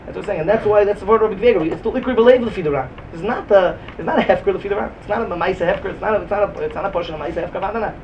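A man with a Yeshivish English accent giving a Talmudic lecture in a rapid, emphatic way. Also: high voice, a little mellow, highs cut off, slight background noise. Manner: rapid, emphatic, mixes Yiddish and Hebrew terms into English. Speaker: Talmud teacher.

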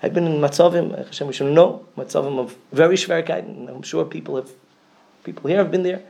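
A man with a Yeshivish English accent giving a sermon, telling a story with strong swings from loud emphasis to a near whisper. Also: fairly high pitch, brisk, gravelly. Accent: Yeshivish English, Yiddish and Hebrew words. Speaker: rabbi giving a talk.

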